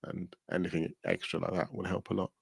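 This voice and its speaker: A man co-hosting a casual gaming podcast. He explains things at length, often stopping to search for the right word. His low voice sounds close and dry. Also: little pitch movement, fairly quick, vocal fry, slightly rough, dry recording. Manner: explains at length, hunts for words. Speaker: podcast co-host. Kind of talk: casual chat.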